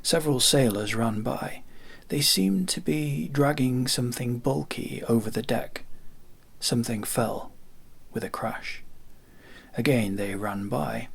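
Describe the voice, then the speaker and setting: A man reading a classic short story aloud in calm, hushed narration that often drops to a half whisper. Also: medium pitch, creaky, breathy edge. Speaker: reader.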